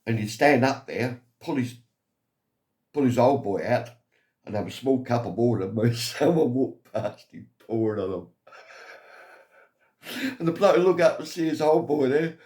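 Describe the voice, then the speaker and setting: A man's voice: medium pitch, lively intonation, measured pace, pauses often, darkish tone. An English man vlogging casual stories in a rambling way, chuckling at his own tales. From England. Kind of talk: casual anecdotal storytelling.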